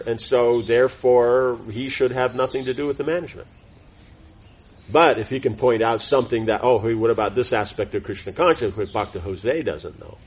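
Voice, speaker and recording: Husky guy teaching a spiritual class, rambly, lots of "you know", kinda muffled lo-fi audio. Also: mid-range voice. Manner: rambling, many fillers and self-corrections. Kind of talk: informal devotional class talk.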